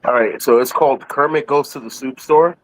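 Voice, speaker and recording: A man's voice: mid-range voice, a little fast, slight background noise, poor audio. A man chatting casually as a podcast guest, rambling and repeating himself, with easy laughter as he talks. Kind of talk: casual chat.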